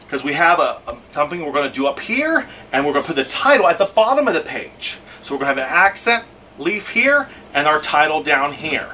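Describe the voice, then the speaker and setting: Brief: man, fairly high and bright voice, casual craft tutor, mic set back a little with faint hiss. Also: distant mic. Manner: chatty, narrates each step as he works. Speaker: scrapbooking instructor. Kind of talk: casual how-to demonstration.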